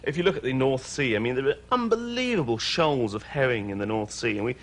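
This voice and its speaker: A middle-aged man from Wales with an English accent, a talk show guest joking deadpan about absurd things and laughing often. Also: medium pitch, fast. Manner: playful, deadpan absurd humour with frequent laughs.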